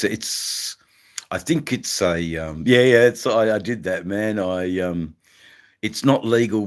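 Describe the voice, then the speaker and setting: An Australian man hosting a livestream, chatting in a rambling, casual way and greeting viewers by name. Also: low-pitched. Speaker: livestream host.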